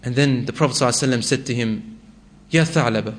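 A man's voice: mid-range voice, steady tone, very fast. A man preaching a sermon, telling a story with emotion and acting out the voices in it. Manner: emotive, acts out quoted voices with rising intensity.

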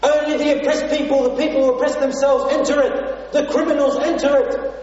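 A man's voice: very high-pitched, level tone, brisk, a little mellow. A man preaching a sermon as a first-person story, impassioned and repeating phrases for emphasis. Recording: muffled, echoey hall from far off.

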